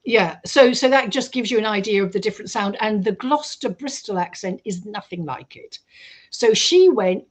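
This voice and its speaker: A woman's voice: mid-range voice, normal speed. Woman telling a vivid story. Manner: lively storyteller who acts out quotes. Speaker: guest researcher. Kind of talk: storytelling in an interview.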